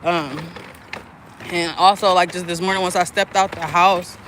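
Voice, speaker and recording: This woman of about thirty, a mother who makes spiritual content, chats candidly on a livestream, rambling, cursing freely and padding pauses with "like" and "um." Her voice is on the low side and a bit bright, with fairly even intonation, moderate pacing and slight background noise.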